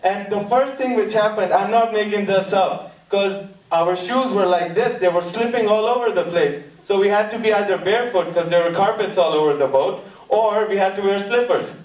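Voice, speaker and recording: A male stand-up comedian telling a story in a lively way, laughing at his own jokes and dropping into mimicked voices. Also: high-pitched, normal speed. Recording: echoey stage audio from a distant mic.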